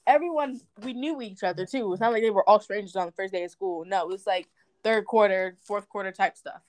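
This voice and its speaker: A young adult woman hosting a podcast, telling stories in a chatty, animated way with lots of fillers. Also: medium pitch, fairly quick. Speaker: podcast host. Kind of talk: casual chat.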